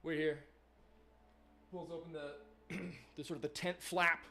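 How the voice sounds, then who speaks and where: A man's voice: a little high, little pitch movement, measured pace, creaky, sharp tone. A man running a live tabletop game as game master, narrating casually with lots of fillers and swearing.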